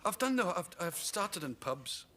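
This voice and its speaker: A Scottish man with a slightly high, very lively voice tells funny touring stories, breaking into laughs and little impressions. The old broadcast recording carries a clear hiss under him. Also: normal speed. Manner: lively storytelling, mimics people, laughs often. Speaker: comedian guest. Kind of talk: talk show anecdotes. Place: television studio with audience. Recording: noisy 1981 broadcast recording.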